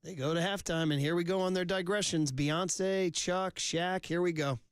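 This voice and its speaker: Middle-aged radio host, chatty storyteller. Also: male voice, high-pitched, steady tone, moderate pace, clean tone, no room sound, clean studio sound. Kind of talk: casual sports radio chat. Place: radio studio.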